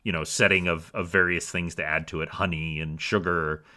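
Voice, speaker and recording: A man narrating a tabletop role-playing game as game master, telling the scene with casual fillers. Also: low voice. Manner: slow, lively storyteller with fillers.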